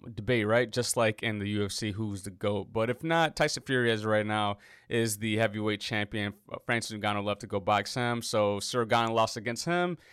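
A man's voice: fairly low pitch, a bit bright, smooth, no echo, studio quality. A man hosting a casual fight preview, talking in a loose, joking way and often correcting himself as he rambles. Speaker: MMA podcast host.

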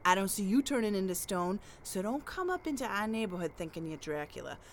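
A woman voices a loudmouthed, working-class neighborhood woman, all bluster and picking fights. Her voice sits in a middle register but swings widely in pitch. It is a comedy sketch character, brash and blunt. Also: expressive, a little fast, slight background noise, natural voice. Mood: combative.

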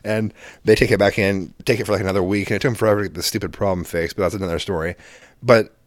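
A man co-hosting a relaxed podcast chat, spinning an animated story full of swearing. He jumps sharply upward in pitch whenever he acts out the people in it. The sound is dry and close, with no room around it. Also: racing, no room sound. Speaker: podcast co-host.

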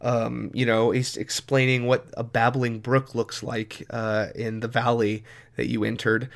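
A podcast co-host who also works as a game master chats casually about running tabletop games, full of enthusiasm and fillers. His voice sits in the mid-range with little pitch movement, an unhurried pace, and some vocal fry.

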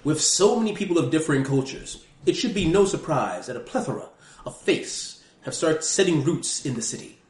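Using a fairly high, natural voice with lively intonation at a moderate pace, a male dungeon master adopts a put-on British accent. He plays a haughty scholar reading from a fantasy guidebook, theatrical and mock-grand in a grandiose mood. The sound is echoey, from a single USB mic at the table's center.

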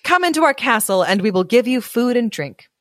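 A woman's voice: animated, fairly quick, fairly bright tone, no room sound. A woman voicing a group of lovely young witch maidens in a storybook reading, sweetly coaxing a traveler. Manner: sweet, coaxing, higher-pitched.

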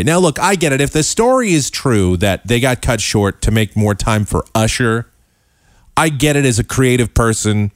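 Casting: sarcastic male host, lively talky delivery, dry close mic. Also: medium pitch, no echo. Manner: sarcastic, quick asides. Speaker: show host. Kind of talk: casual talk commentary.

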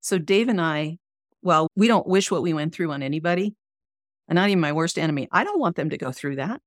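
A woman's voice: sits low, expressive, brisk, no room sound, clean studio sound. A middle-aged woman sharing an earnest, emotional personal faith testimony as an interview guest. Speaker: guest, author and coach.

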